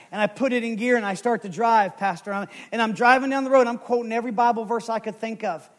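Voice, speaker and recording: A man's voice: very high-pitched, fast, hardly any pauses. A man preaching a sermon, telling a story and quoting scripture with growing fervor. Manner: animated, rises to loud fervent scripture quoting.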